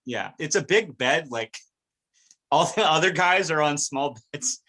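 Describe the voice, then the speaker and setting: A man's voice: fairly high pitch, unhurried. A man hosting a podcast, casually and animatedly recapping an episode scene by scene. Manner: animated storytelling, recounting scenes. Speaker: podcast host.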